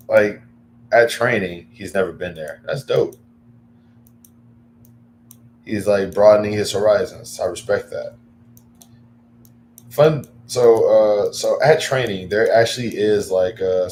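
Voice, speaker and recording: Low-voiced male streamer, loose rambling chat full of fillers and sudden excited bursts, faint background noise. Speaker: livestreamer. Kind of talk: casual livestream chat.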